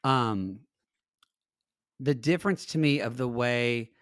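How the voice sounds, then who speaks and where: A man co-hosting a casual recap podcast, earnest and openly emotional. His voice sits mid-pitch for a man. The recording is dry and close. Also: slow, no room sound. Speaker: podcast co-host.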